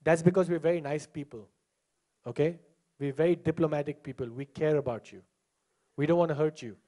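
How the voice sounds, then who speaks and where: A young man performs stand-up on a live stage and talks into a handheld mic. His voice sits high, and he keeps up a punchy, teasing rhythm with the crowd. He drops into short character voices along the way. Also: brisk, dark tone. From India. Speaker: stand-up comedian. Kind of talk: stand-up comedy. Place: comedy show stage before a live audience.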